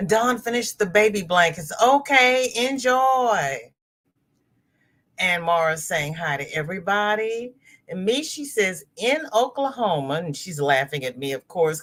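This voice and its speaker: A woman's voice: mid-range voice, bright, forceful tone. A woman hosting a casual crochet livestream from her laptop. She greets viewers by name, reads their comments aloud and calls them girl, honey and darling.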